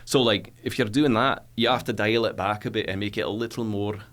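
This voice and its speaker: Relaxed baritone man, podcast guest. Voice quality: baritone singer's voice. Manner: easygoing, explains with quick accent samples. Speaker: audiobook narrator and voice actor. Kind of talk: casual podcast chat.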